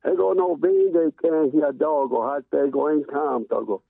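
A man with a gravelly, fry-heavy voice prays over the phone from inside his car. The sound is tinny and dry, squeezed through a phone line, and he talks haltingly, repeating words and circling back as he goes. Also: fairly high pitch, very animated, no echo. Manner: halting and repetitive, restarting words. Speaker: caller giving an opening prayer. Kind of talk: spoken prayer over the phone. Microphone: phone call.

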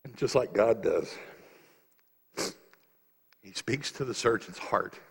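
Husky-voiced preacher in a reverberant hall. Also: male voice, on the low side, animated, slow pace. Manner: storytelling that builds to fervent, rising preaching. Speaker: pastor. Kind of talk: sermon. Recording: long reverb of a large hall.

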